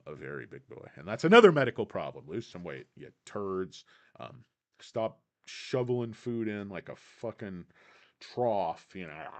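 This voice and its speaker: A man hosting a casual livestream, rambling and swearing freely, and saying he is tired. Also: fairly low pitch. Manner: rambling, profane, digressive. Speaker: livestream host.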